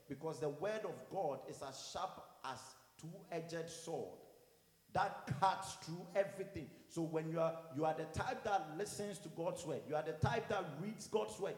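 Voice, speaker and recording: A man who is a pastor preaching a sermon, animated, going from quiet to loud and acting out what people say. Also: a little high, reverberant, in a large hall. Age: adult with children. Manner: animated, swings from quiet to loud, acts out quotes.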